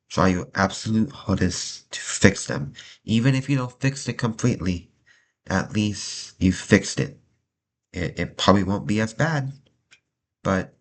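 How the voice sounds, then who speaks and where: A young man talking earnestly to the camera from a small room, halting, restarting and repeating himself. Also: low-pitched, lively intonation, slight background noise. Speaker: vlogger. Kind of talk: personal talk to camera. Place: small room indoors, adjusting his lighting.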